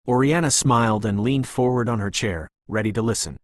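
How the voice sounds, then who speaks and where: A man narrating a novel as an audiobook in a calm, even, pleasant reading voice. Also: medium pitch, fairly quick, few pauses, dry recording, studio quality.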